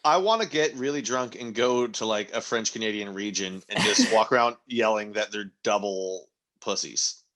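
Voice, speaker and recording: A man co-hosting a comedy podcast, tossing in dry, crude deadpan jokes. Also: fairly low pitch, normal speed. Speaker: podcast co-host. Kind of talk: casual comedic chat.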